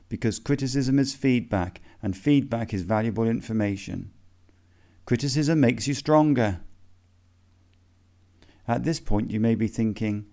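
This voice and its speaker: A man reading a self-help lesson aloud in a measured, methodical question-and-answer way. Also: medium pitch, dark tone.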